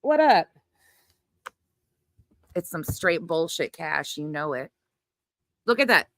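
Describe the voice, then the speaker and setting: A middle-aged Southern woman hosts a casual livestream, chatting loosely with viewers and laughing a lot. Her voice sits a little low for a woman. The sound is dry and close, with no room echo. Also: expressive, measured pace, fairly bright tone. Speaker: livestream host. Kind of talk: casual livestream chat reading comments.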